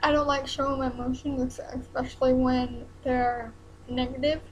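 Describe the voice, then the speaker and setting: A young woman, talking haltingly in a personal vlog while close to tears. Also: high-pitched, little pitch movement, a little hiss or hum, poor audio. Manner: hesitant, halting, many ums and restarts.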